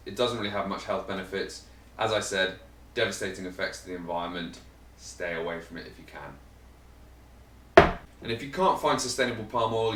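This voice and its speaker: A man's voice: fairly low pitch, fairly bright tone. A man hosting a vegan cooking channel, chatting casually to camera as he explains ingredients, rambling and joking about himself. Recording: roomy sound, mic set at a distance.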